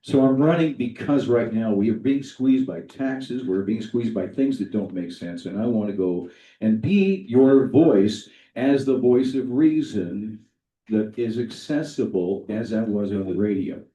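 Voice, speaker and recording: A middle-aged man from Washington State giving a campaign speech as a candidate at a townhall, measured like a broadcaster but with hesitant fillers. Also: on the low side, warm tone, far from the mic. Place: public meeting hall. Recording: echoey hall, voice off-mic.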